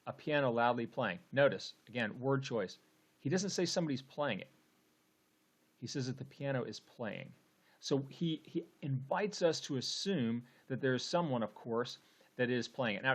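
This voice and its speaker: A man explaining a poem in a casual lecture, with frequent fillers and checks like "okay?". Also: mid-range voice. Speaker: teacher.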